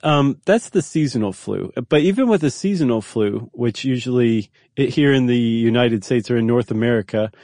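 A man's voice: medium pitch, normal speed, few pauses, darkish tone, no echo, studio quality. Man explaining facts in casual chat. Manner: explains facts with many fillers and restarts, easily amused. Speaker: podcast host.

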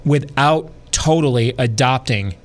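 A man's voice: mid-range voice, measured pace. A middle-aged man hosting a casual political talk show, rambling conversationally with many fillers and restarts.

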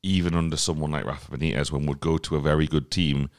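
A man's voice: extremely low pitch, steady tone, quick pace. A man hosting a football podcast, chatting casually and handing topics over to his co-hosts. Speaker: podcast host.

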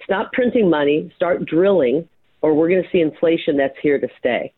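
A woman's voice: low-pitched, expressive, moderate pace, husky, no room sound. A woman guest talking as a political candidate, blunt and emphatic, with some fillers. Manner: forceful, emphatic, scattered fillers. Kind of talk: blunt campaign talk. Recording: tinny dry phone line.

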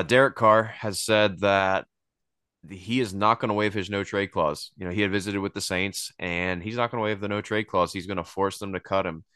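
Male podcast host, very low voice, smooth, dry close mic, relaxed rambling delivery. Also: no room sound. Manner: laid-back, rambling, laughs often. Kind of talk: casual sports podcast chat.

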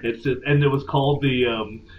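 A man co-hosts a casual podcast and rambles easily through his points with plenty of fillers. His pitch is average. A faint hum of room noise sits underneath. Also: steady tone, normal speed, phone-quality sound. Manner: laid-back, rambling, laughs easily. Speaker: podcast co-host. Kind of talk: casual chat.

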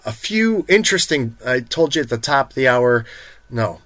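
A man co-hosting a live card stream, teasing his partner and pitching shop promotions to viewers. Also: big pitch swings, normal speed, fairly bright tone, no echo. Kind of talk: casual live-stream chat and promo reads.

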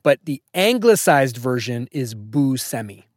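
A man's voice: on the high side, lively intonation, moderate pace, darkish tone, no room sound, clean studio sound. Wry, joking podcast host, man. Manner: wry, joking, fact-heavy. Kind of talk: casual podcast chat.

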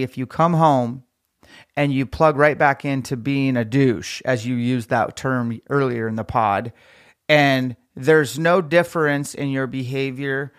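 An earnest, reflective man hosting a podcast, speaking quickly at an ordinary pitch. His voice is smooth and resonant, recorded dry and close with no room sound. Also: a bit bright, no room sound. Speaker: podcast host. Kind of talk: casual podcast chat.

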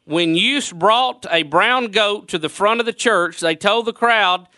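A man's voice: high voice, a little slow, pushed and bright, no echo. A man co-hosting a comedic radio show, reading news and joking around. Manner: joking, reads news then riffs. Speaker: radio co-host. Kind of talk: comedic morning radio banter.

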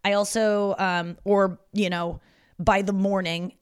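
A woman comedian in her thirties talking in a quick, profane solo podcast monologue, with many restarts and asides. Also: medium pitch, flat delivery, smooth, no echo, studio quality.

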